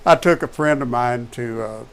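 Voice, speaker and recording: A man's voice: medium pitch, normal speed, vocal fry, noisy background. A man who is a professional truck driver, talking casually and repeating his key points for emphasis. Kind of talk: casual talk show chat.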